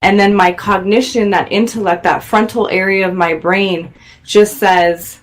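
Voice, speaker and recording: A woman's voice: medium pitch, steady tone, unhurried. Earnest woman host talking about love. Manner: earnest, reflective, speaks louder when worked up. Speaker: radio show host. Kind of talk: motivational talk to viewers.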